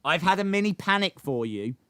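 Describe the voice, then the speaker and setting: A man's voice: high-pitched, very animated, brisk, crowd noise. A man hosting a casual live watch-along stream. He rambles, frets aloud and talks back to his chat.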